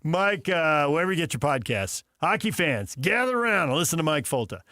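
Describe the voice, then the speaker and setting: A man's voice: a little high, big pitch swings, fairly quick, sharp tone, no echo, clean studio sound. A man co-hosting a sports radio show, bantering casually and teasing his partner, often laughing.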